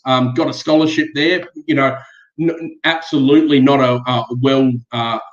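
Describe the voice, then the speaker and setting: A man's voice: medium pitch, steady tone, moderate pace. Man, West Australian accent, guest, laid-back, laughs a lot, echoey, muffled audio. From Perth, Western Australia. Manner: laid-back, laughs often, swears mildly. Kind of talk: casual chat.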